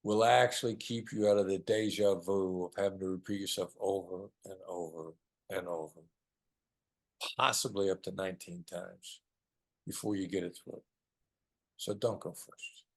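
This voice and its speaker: A man's voice: low-pitched, steady tone, moderate pace. A man in his sixties, a negotiation expert guest, giving conversational advice in an emphatic way and repeating key phrases.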